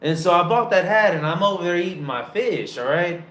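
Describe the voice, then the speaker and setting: An American man telling travel stories to camera in a loud, profane, animated way, recorded on a phone in a dim room. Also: brisk, roomy sound. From United States. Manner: loud, profane and animated, with big pitch jumps. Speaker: travel vlogger. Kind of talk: casual storytelling to camera.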